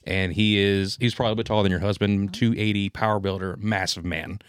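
A man co-hosting a podcast, joining the banter with quick wisecracks before telling a story. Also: fairly low pitch, steady tone, clear, resonant tone, no echo, clean studio sound. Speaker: podcast co-host. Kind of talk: casual podcast chat.

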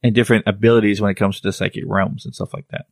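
A man's voice: on the low side, little pitch movement, very fast, vocal fry, no echo. A man co-hosting a podcast, talking casually and rambling through restarts as he explains ideas. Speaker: podcast co-host. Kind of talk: casual chat.

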